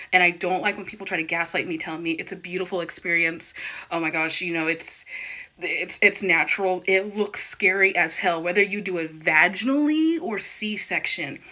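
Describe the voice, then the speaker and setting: Bright-voiced young woman ranting to camera. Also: mid-range voice. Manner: emphatic, repeats and restarts words when worked up. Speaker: vlogger. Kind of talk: candid personal vlog rant.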